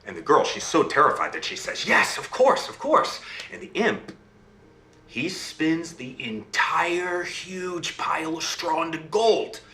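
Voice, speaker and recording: A man telling a fairy tale live in a lively, dramatic way, often checking in with listeners. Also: a little slow, echoey room, a little hiss or hum. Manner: lively, dramatic swings in pitch, asks listeners "right?". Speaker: storyteller.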